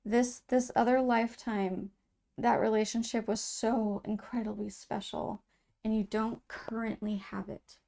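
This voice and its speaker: Soft-spoken woman with a gravelly edge. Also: a little high, flat delivery, measured pace. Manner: soft, musing, reads card texts aloud. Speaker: tarot reader. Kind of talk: tarot reading to viewers.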